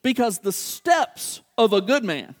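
High-voiced man preaching a sermon. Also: unhurried. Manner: animated, acts out dialogue, repeats for emphasis.

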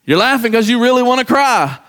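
A man's voice: extremely high pitch, big pitch swings, fairly quick, fairly bright tone, in a large hall. A middle-aged man, a pastor preaching a sermon, who acts out the voices of the people he quotes.

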